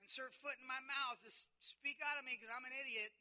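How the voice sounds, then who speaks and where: A man preaching a sermon as pastor, telling a personal story and swinging from hushed confession to loud preaching. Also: extremely high pitch, steady tone, a little fast.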